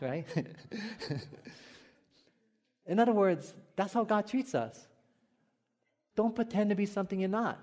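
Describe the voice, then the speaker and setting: A pastor from Hawaii preaches in a relaxed storytelling way, with a Hawaiian accent. His voice sits fairly high for a man. He chuckles easily and keeps turning to the congregation with questions. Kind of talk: sermon.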